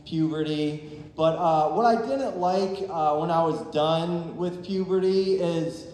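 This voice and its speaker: A man in his thirties from Ohio doing stand-up with a dry, self-mocking delivery. His fairly high voice rings out through a very echoey club with a long reverb tail. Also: a little hiss or hum. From Ohio, USA. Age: 30s. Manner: deadpan, self-deprecating punchlines with quick put-on voices. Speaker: stand-up comedian. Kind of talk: stand-up comedy set. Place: comedy club stage.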